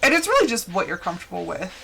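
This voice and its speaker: A woman's voice: lowish voice, very animated, rapid-fire, creaky, music in the background. Giggly chatty American woman streamer. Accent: General American. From central United States. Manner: giggly and chatty, laughs often. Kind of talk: casual gaming stream chat. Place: home. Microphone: close desk mic.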